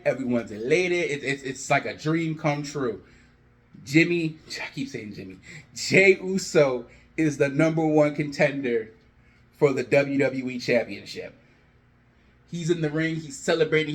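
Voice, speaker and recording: A young man with a slightly high voice talks through an imagined storyline in a relaxed, chatty way. He gets animated, slipping into quick spoken bits for each character as he narrates. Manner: animated, acts out characters' lines in quotes. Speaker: wrestling fan video host. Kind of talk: casual fantasy-booking storytelling.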